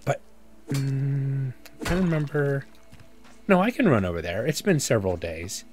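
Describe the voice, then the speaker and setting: A man's voice: medium pitch, lively intonation, normal speed, soft background music. A man giving casual let's-play commentary as a gaming YouTuber, rambling and self-mocking as he thinks aloud.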